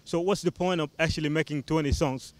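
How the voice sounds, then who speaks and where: Earnest man musician, slightly high voice. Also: fairly even intonation, a little fast. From South Sudan. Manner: loose and earnest, leans on "you know". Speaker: musician guest. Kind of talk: casual interview answers. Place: television studio.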